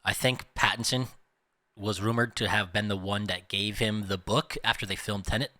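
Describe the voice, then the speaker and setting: A man's voice: fairly low pitch, fairly even intonation, normal speed, bright, forceful tone, dry recording. A young man giving casual, rambling reaction commentary between clips. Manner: rambling, chatty, unsure asides. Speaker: reaction video host.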